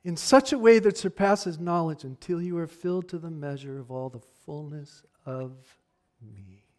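A man preaching a sermon in a conversational way, dropping to near-hushed asides and then rising to fired-up emphasis. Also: a little high, moderate pace.

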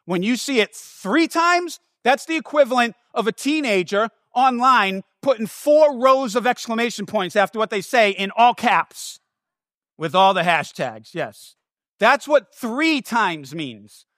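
High-pitched, emphatic male preacher. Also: measured pace, no echo, clean studio sound. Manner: animated, emphatic, repeats words for stress; casual asides and restarts. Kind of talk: sermon.

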